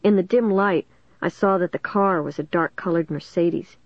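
A woman's voice: on the low side, normal speed, no echo, muffled recording. A woman narrating a first-person storybook in a tense, suspenseful reading. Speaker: audiobook narrator.

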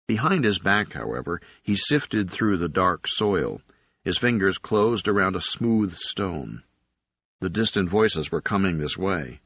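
A man narrating an audiobook in a measured, even reading. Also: sits low, dry recording. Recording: dull, dry lo-fi recording.

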